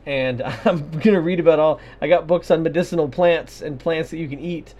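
On dull, lo-fi podcast audio, a male co-host with a fairly high, darkish voice speaks fairly quickly. He rambles through casual, profane banter full of sarcasm, fillers and put-on voices.

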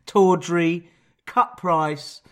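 A man's voice: on the high side, steady tone, extremely slow, fairly bright tone. A man co-hosting a comedy podcast, rambling through stories and laughing often. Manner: laughs a lot, rambling storytelling. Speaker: podcast co-host and DJ. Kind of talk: casual comedy chat.

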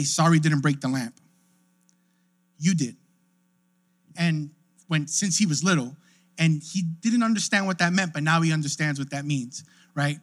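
A young adult male pastor preaches a sermon in a relaxed, conversational style, often checking in with listeners through "right?" asides. His voice is a little high with a fairly bright tone.

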